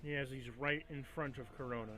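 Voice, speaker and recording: A man's voice: medium pitch, steady tone, fairly quick, pushed and bright, slight background noise. A man acting as game master, narrating a tabletop game, calling out damage and rolls and describing the action.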